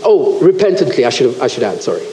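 A man preaching a sermon in church, animated and acting out the voices he quotes. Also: medium pitch, quick pace, slight background noise. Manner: animated, acts out quoted voices, self-correcting. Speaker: pastor. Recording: roomy church echo.

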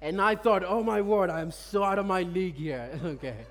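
A man with a strikingly high voice delivers a storytelling sermon, chuckling often and stumbling over repeated words. His voice rings out with a long reverb, as if filling a large church hall. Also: animated, fairly quick. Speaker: preacher. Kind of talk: sermon with personal stories.

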